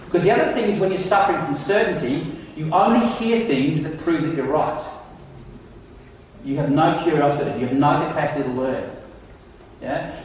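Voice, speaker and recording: A man's voice: a little high, distant mic, a little hiss or hum. Self-mocking male keynote speaker in echoey hall. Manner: animated, self-mocking storyteller. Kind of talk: conference keynote storytelling. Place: large conference hall. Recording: echoey hall, mic heard from afar.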